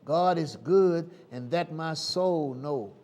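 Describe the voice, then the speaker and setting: A Southern man preaches in a high, animated voice, keeping a slow, deliberate sermon cadence broken by sudden loud calls. His call-and-response style swings abruptly between loud and soft.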